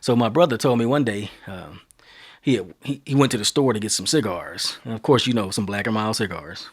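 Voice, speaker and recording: A man in his thirties from Texas, hosting a podcast and telling a long story in a casual, animated way, his voice climbing as the tale gets exciting. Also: on the low side, fairly quick, husky. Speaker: podcast host.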